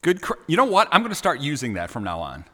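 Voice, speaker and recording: A man's voice: on the high side, wildly swooping pitch, fast talker, big-room sound. A man hosting a live show from Chicago, teasing his guest in a playful, jokey way. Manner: playful teasing, big swings in loudness. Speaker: radio show host. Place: studio in Chicago.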